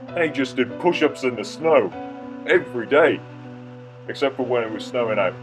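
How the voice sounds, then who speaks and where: A man telling a comic mock-documentary story, rambling, jokey and full of restarts. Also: mid-range voice.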